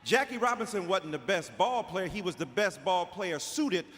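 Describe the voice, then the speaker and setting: A man from Detroit giving an impassioned speech as a panelist, with a preacher-like cadence, repeating phrases and shouting. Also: high voice, animated, moderate pace. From Detroit, Michigan. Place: large auditorium before live audience. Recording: echoey hall with faint noise.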